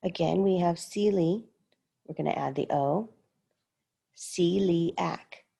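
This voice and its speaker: A woman's voice: lowish voice, takes it slowly, vocal fry, warm tone, husky. A woman teaching a recorded lesson, carefully sounding out words syllable by syllable. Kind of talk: slow recorded lesson walkthrough.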